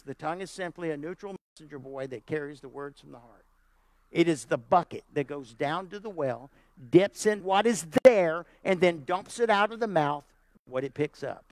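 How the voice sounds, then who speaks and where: A high-pitched male pastor preaching with fervour, repeating key lines for weight and asking "Amen?" of his listeners. His talk turns folksy and plain. The sound is close and dry, with no room echo. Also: a little mellow. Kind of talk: sermon.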